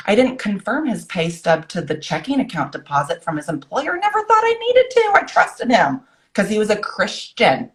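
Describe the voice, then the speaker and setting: A woman's voice: mid-range voice, big pitch swings, moderate pace, few pauses. A woman in her forties, a guest author, earnestly telling her personal story in a rush of short phrases and acting out the words of people she remembers.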